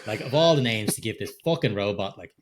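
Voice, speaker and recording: A man's voice: lowish voice, expressive, fast, very noisy. A middle-aged man co-hosting a podcast in casual film chat, exasperated and swearing freely. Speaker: podcast co-host.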